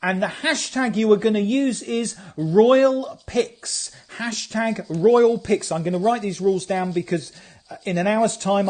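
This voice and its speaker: Chatty high-voiced man on a live stream. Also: darkish tone. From England. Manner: chatty, playful, reads out viewer comments. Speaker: photographer hosting a live stream. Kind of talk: casual live-stream chat.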